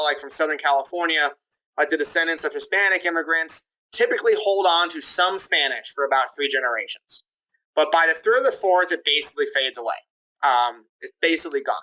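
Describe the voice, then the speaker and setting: A man speaking as a podcast guest, laying out his points step by step in a casual way, with a steady stream of "like" and "you know" fillers. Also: on the high side, rough recording. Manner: lays out points step by step with rhetorical questions. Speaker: podcast guest discussing immigration. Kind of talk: casual explanatory interview talk.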